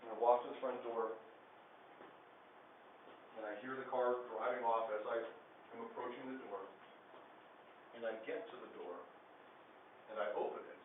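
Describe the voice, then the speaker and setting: A man telling a true story to a small group of listeners, animated, swinging between hushed and loud. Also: medium pitch, normal speed, long pauses, a little hiss or hum. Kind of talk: live personal storytelling to listeners. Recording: echoey room over a tinny phone-like line.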